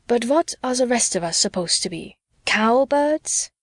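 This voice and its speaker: A woman's voice: a little high, lively intonation, measured pace, dry recording. A woman voicing a bitter, ranting drunk male soldier with a scornful, sneering delivery in an audiobook. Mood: mocking. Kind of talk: audiobook character reading.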